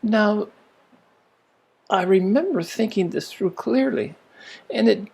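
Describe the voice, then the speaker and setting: An older man telling a childhood story in a reflective spiritual talk, musing and rambling with restarts and soft laughs. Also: high voice, slow, gravelly, breathy edge. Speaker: spiritual teacher.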